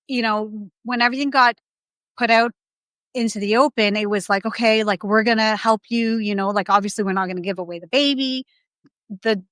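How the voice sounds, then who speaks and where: A woman's voice: medium pitch, fairly bright tone, dry recording. A young adult woman as a podcast guest, telling her story candidly in a rambling, casual way with many restarts.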